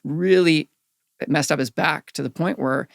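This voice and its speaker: A middle-aged man, a guest on a podcast, candidly telling personal stories in an earnest, animated way. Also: fairly high pitch, measured pace, creaky, dry recording, studio quality. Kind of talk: reflective storytelling in a podcast interview.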